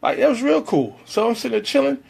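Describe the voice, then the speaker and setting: A man's voice: very high voice, very animated, fast talker, gravelly, darkish tone, husky. A man telling a personal story about working as a background actor, acting out the other people's lines in shifting voices.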